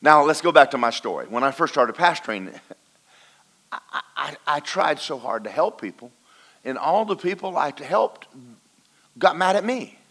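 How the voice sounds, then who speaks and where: Animated preacher, high and lively. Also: male voice, normal speed. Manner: folksy, animated preaching with swings from loud to quiet. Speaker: pastor. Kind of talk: sermon. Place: church in front of a congregation.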